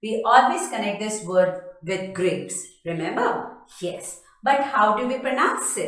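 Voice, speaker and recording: Slow, lively woman teaching pronunciation. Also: mid-range voice. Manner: emphatic, repeats and spells out words. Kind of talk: slow spoken pronunciation lesson. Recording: very echoey room.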